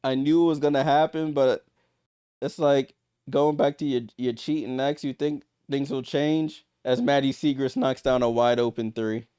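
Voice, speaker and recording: A man hosting a livestream watchalong, calling a basketball game with exasperated, disbelieving commentary, swinging between loud outbursts and muttered asides. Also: medium pitch, fairly even intonation, moderate pace, clean tone, no echo, studio quality.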